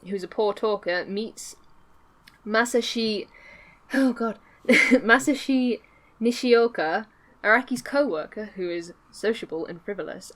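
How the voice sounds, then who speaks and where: A woman from England hosting a casual chat, talking freely and laughing often, and reading aloud haltingly at times. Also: medium pitch, a bit bright. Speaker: host.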